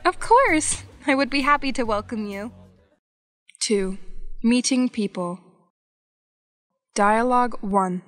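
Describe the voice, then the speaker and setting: A woman reading scripted English practice dialogues for learners, slow and evenly paced. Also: on the high side, soft background music. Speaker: English lesson narrator.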